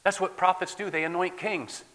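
A man from the Midwest preaching a sermon as a guest pastor, swinging from loud declaiming to soft near-whispers, in a church. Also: sits high, steady tone, normal speed. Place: church sanctuary. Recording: long hall reverb.

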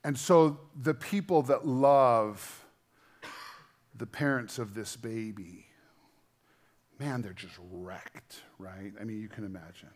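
Speaking slowly with a fairly low pitch, a middle-aged man preaches as a pastor. His sermon is earnest and conversational, alternating between hushed intimacy and louder, emphatic passages.

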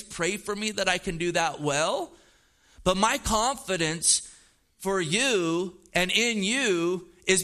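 A middle-aged pastor delivers a sermon in a high-pitched, sharp voice. He is earnest and emphatic, repeating phrases to drive his points home.

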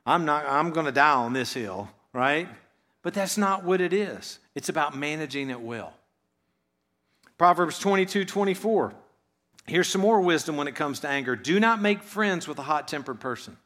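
Man preaching in a soft, conversational tone. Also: a little high, expressive, normal speed. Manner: conversational, drops voice softly on phrase ends, asks rhetorical questions. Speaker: pastor. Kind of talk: sermon. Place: church.

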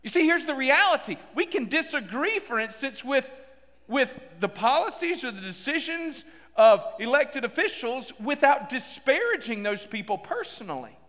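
Animated high-voiced pastor in a reverberant hall. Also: male voice. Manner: animated, direct questions to the congregation. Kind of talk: sermon.

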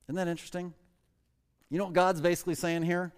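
A pastor preaching a conversational sermon, asking the congregation questions and reading scripture slowly before explaining it in plain words. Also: male voice, sits high, flat delivery, smooth, big-room sound.

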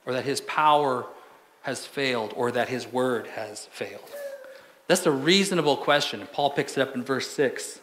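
A pastor preaching a conversational sermon in a church, asking the congregation rhetorical questions. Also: male voice, a little high, a bit bright. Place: church sanctuary.

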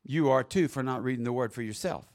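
A man preaching a sermon in a church, swinging from soft reflection to loud exclamations. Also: medium pitch, fast, creaky. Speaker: pastor. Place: church sanctuary.

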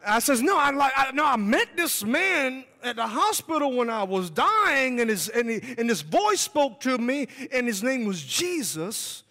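Delivering his testimony as a sermon, a man with a very high, bright, energetic voice moves unhurriedly with hardly any pauses. He shifts from quiet asides to shouting peaks, mixing in jokes and stories, all ringing in a long hall reverb.

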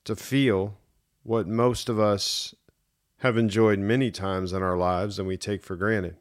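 A man's voice: fairly low pitch, fairly even intonation, a little slow. A middle-aged man hosting a solo podcast and telling a story in an earnest, emphatic way, repeating his key points. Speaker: podcast host. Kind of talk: reflective solo podcast monologue.

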